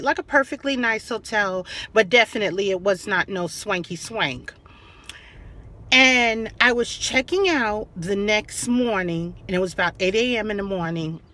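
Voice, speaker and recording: A middle-aged woman telling a story to her viewers in a casual, animated way, acting out the quotes and laughing as she goes. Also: medium pitch. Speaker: vlogger.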